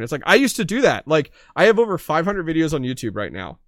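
Podcast co-host, male, slightly high voice, animated storyteller, dry close mic. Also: fast, few pauses, no room sound. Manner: animated storyteller, acts out both sides of conversations. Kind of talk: casual chat.

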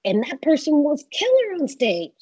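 A woman guest in a casual interview, telling animated stories and acting out what people said. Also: high-pitched, normal speed, dry recording, low-quality recording. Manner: animated storyteller, acts out quotes.

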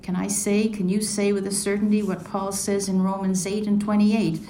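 A woman's voice: mid-range voice, flat delivery, normal speed, warm tone, slight background noise. A woman giving a personal devotional talk, reflective and asking many questions as she reads scripture and tells a story. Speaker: devotional speaker. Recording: echoey room, mic at a distance.

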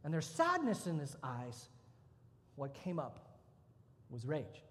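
An earnest male pastor delivers a sermon built around his own testimony, his voice sitting a little high for a man. He speaks with deep emotion and swells into intense passages. The sound rings through a large church hall with a long reverb. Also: huge pitch swings, slow pace, fairly bright tone. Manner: earnest, emotional storytelling, rising to intense outbursts. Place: church sanctuary.

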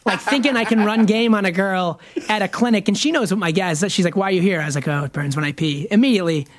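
High-voiced man telling a comic story. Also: quick pace. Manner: animated storyteller, self-mocking. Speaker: comedy podcast guest. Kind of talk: casual chat, comic storytelling.

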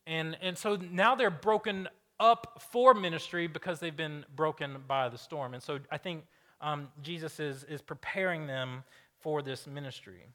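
A man preaching a conversational sermon, casual and animated, asking the congregation questions and acting out the voices he quotes. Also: on the high side, moderate pace. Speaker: pastor.

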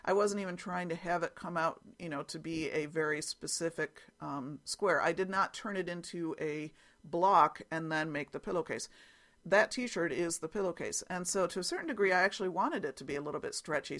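A woman's voice: low voice, a bit bright. A middle-aged woman hosting a casual solo podcast, chatting and telling stories with frequent laughs and fillers. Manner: chatty storyteller, laughs often, many fillers. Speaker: podcast host.

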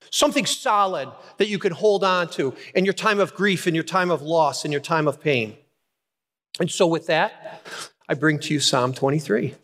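High-voiced man preaching in a reverberant hall. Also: a bit bright. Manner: dramatic storytelling with pauses and repetition. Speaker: pastor. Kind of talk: sermon. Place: church hall.

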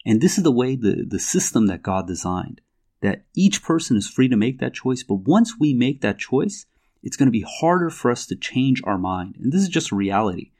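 A man giving a measured, explanatory talk on scripture, reading verses aloud and pausing often with fillers. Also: mid-range voice, very animated, darkish tone. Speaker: religious commentator.

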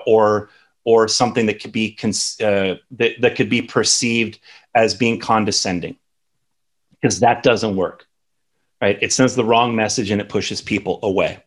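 A man in his thirties teaching a lesson on feedback in a conversational way, often tagging his sentences with "right?". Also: fairly low pitch. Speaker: instructor.

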